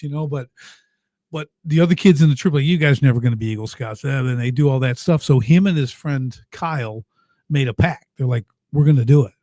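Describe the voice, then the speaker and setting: Male podcast guest, 50s, mellow, slightly high voice, punchy storyteller who wells up, dry close sound. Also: dry recording. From United States. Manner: lively, emphatic storyteller who gets choked up. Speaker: podcast guest, business coach. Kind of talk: casual storytelling in an interview.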